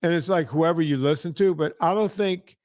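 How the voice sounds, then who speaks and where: A man's voice: on the high side, fairly quick, darkish tone, dry recording, studio quality. A man hosting a podcast, telling rambling stories in casual chat and often checking in with "right?". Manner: rambling, tag questions like "right?". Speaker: podcast host.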